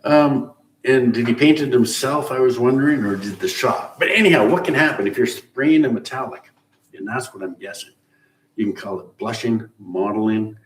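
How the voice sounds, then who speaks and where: A middle-aged man hosts a live car-building stream, chatting casually with viewers and rambling through shop-talk explanations with an occasional chuckle. His voice is mid-range at a moderate pace, picked up by a roomy, distant mic with faint hiss.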